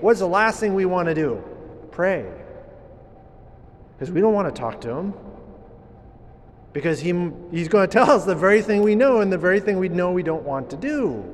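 A man preaching a homily in a relaxed, conversational way, often halting and restarting his phrases, in a church. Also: high voice, big-room sound. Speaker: priest.

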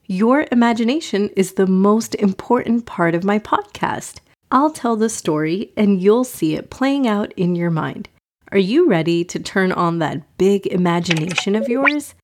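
Woman host-storyteller, unhurried, gentle kids' delivery. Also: mid-range voice, expressive, no echo, clean studio sound. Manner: gentle, warm-hearted storytelling for kids. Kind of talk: children's story narration.

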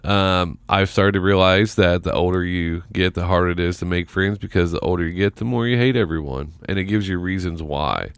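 A man's voice: sits low, a little fast, hardly any pauses, smooth, no room sound. A man hosting a casual chat show, reading from an article and talking in loose, rambling sentences. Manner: conversational, reads from articles, trails off into restarts.

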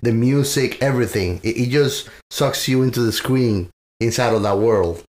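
A man's voice: medium pitch, normal speed, darkish tone. A male interviewer talking with enthusiasm and praise in a casual chat.

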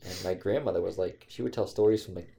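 A gravelly, low-pitched man trading blunt stories on a casual podcast. His voice is dark and mellow. He teases his co-host with dry, crude humor. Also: quick pace. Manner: blunt, crude, deadpan teasing. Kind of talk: casual podcast chat, storytelling.

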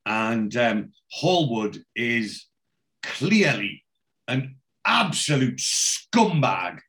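A man casually retelling a TV episode as a podcast host, animated and full of voices. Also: mid-range voice, drawn-out words, creaky. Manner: animated storyteller, doing voices.

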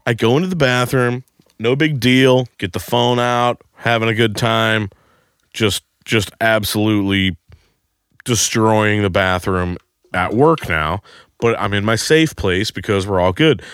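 A man co-hosting a podcast, telling a crude comedic story and shouting the quoted lines. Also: lowish voice, unhurried, smooth, no room sound, clean studio sound.

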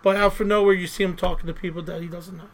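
High-voiced rambling man telling stories. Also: very fast, vocal fry, low-quality recording. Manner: rambling, animated storyteller with many fillers. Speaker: podcast co-host. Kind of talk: casual chat.

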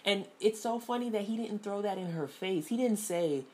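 A woman's voice: medium pitch, lively intonation, normal speed, few pauses, fairly bright tone. A woman casually reviewing a TV episode, chatty, with lots of fillers and frequent laughs. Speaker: TV show reviewer.

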